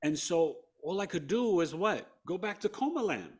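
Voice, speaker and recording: A man from New York, a podcast guest, telling a personal story with big swings between hushed and loud delivery. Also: sits high, very animated, moderate pace, husky.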